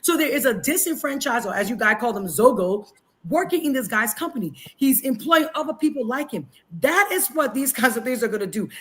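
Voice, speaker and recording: Woman from Liberia, higher voice, earnest and emotional, conversational closing remarks, video call guest. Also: expressive, brisk, a bit bright.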